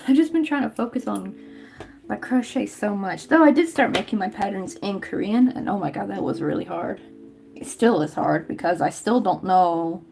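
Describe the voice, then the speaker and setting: Southern woman, young, loose rambling livestream chatter, lots of "like"s and laughs, mid-pitched. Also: gravelly, a little mellow. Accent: Southern American. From Tennessee, US. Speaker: crochet livestream host. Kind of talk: casual livestream chat while crafting.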